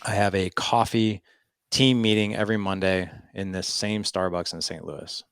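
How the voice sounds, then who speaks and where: Deep gravelly man telling his story. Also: normal speed, no echo, studio quality. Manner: animated storyteller, lots of "I was like" quotes. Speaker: podcast guest. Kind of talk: storytelling interview.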